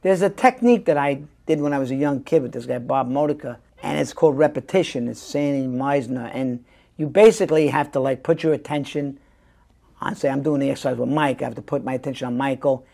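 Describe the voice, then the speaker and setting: An older man, an actor, chatting as an interview guest and telling lively stories. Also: medium pitch, fairly quick, gravelly. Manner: animated storyteller who acts out quoted voices. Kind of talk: casual interview chat.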